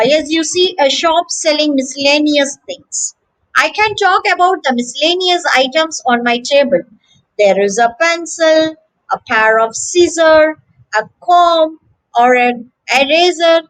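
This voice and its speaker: Woman, high voice, lively pitch, slow careful pronunciation lesson, repeats words. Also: low-quality recording. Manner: repeats each word slowly, stressing syllables. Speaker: English pronunciation teacher.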